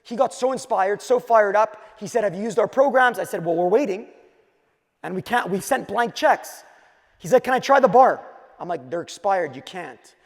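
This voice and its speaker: Gravelly high-voiced man in an echoey hall. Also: moderate pace. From Quebec, Canada. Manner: energetic storytelling, punchy short phrases. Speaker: conference speaker. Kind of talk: keynote talk on stage. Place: large conference hall. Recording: hall reverb.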